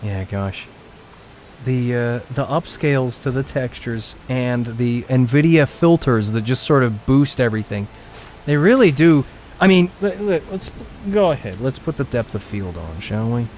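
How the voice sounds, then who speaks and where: A young man streaming a game, chatting excitedly, laughing often and reading viewer comments aloud. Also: mid-range voice, measured pace, slight background noise. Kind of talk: casual live gameplay commentary.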